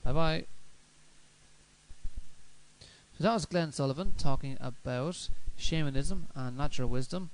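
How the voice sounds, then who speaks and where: A man hosting a radio show, talking in a relaxed, rambling way with many fillers. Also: fairly high pitch, measured pace, long pauses, rough recording. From Ireland. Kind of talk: casual chat.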